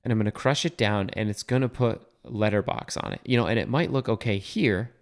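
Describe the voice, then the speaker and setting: A young web developer shares his screen and talks casually through a coding tutorial, thinking out loud with fillers and correcting himself. His voice is lowish, brisk and creaky.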